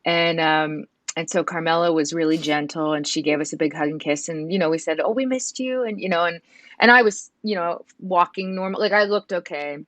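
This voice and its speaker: A woman in her thirties speaks low and soft, her words dry and close. She talks earnestly as an interview guest, often stopping and restarting her sentences. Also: steady tone, dry recording. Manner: halting, with many restarts and fillers. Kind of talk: emotional interview.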